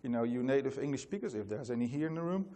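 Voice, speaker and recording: A man's voice: medium pitch, animated, racing, mellow. Dutch-accented man, loose conference presenter, reverberant hall. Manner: casual, chatty, many fillers and restarts. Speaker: conference speaker. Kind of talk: conference talk.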